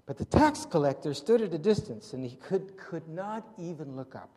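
Man, pastor, sermon, animated storytelling, high voice, long hall echo. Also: normal speed. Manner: animated, acts out Bible scenes with shifting voices.

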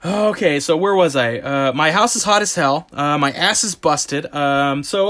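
Guy with a high voice ranting about his awful day, cussing every other word. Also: unhurried. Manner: profane, exasperated, animated storytelling. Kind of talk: comedic ranting monologue.

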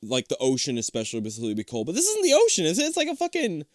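A man chatting casually as a co-player, animated and quick to question things, swearing often. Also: fairly high pitch, no echo, studio quality. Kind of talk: casual chat.

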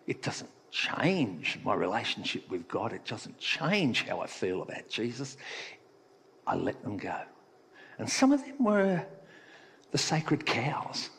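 Husky man preaching in an echoey hall. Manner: conversational storytelling, sometimes soft and low. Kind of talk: sermon.

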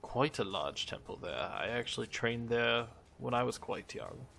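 A man playing a tabletop role-playing game, talking in a measured, easy way. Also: mid-range voice, lively intonation, creaky, bright, forceful tone. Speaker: player.

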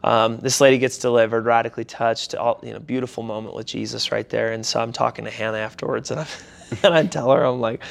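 A man's voice: mid-range voice, steady tone, quick pace, creaky. A young adult man, a pastor, telling a personal story casually in an interview and animatedly acting out quoted voices.

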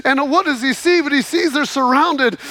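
In a close, dry recording with no echo, a preacher delivers a sermon full of dramatic storytelling and fervent exhortation. His voice is very high and bright, and he keeps a moderate pace.

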